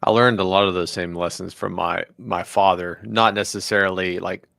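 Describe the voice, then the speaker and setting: A man's voice: low voice, fairly even intonation, moderate pace, vocal fry, fairly bright tone, no echo, clean studio sound. A man from rural West Virginia, a podcast host speaking in a reflective, plain-spoken way. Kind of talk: conversational interview talk.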